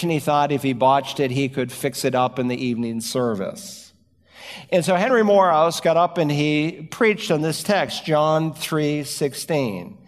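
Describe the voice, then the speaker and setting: A man preaching a sermon, telling stories and slowing down to stress key words. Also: medium pitch, in a large hall. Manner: storytelling preacher, varied emphasis, slows for key words. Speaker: pastor.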